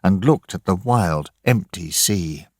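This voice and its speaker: A man reading a graded storybook aloud in a measured, deliberate way. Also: sits low, expressive, a little mellow, no room sound, clean studio sound. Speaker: narrator. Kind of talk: slow, expressive storybook narration.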